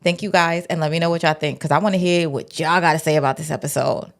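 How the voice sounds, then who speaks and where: A woman, giving a casual, animated recap of a TV episode and acting out the characters' lines. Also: deep voice, fast. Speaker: TV recap vlogger.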